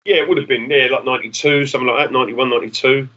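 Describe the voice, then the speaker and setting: Bright-voiced musician telling stories. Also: male voice, mid-range voice, fairly even intonation, rapid-fire, lo-fi sound. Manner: rambling, swears casually, acts out the people in his stories. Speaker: guest musician. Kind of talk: casual storytelling.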